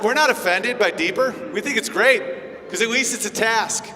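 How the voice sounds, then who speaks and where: A man performing a stand-up comedy set, brash and profane, slipping into quick character voices. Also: sits high, a crowd in the background, noisy background. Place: comedy venue with live audience. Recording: long reverb of a hall.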